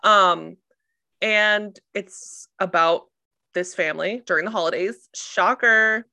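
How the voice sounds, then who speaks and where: A woman co-hosting a podcast, chatting casually and excitedly about favorite movies, quoting people and swearing freely. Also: mid-range voice, takes it slowly, vocal fry, clean tone, no room sound, studio quality. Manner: excited, profane, quotes herself and others. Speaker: podcast co-host. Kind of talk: casual chat.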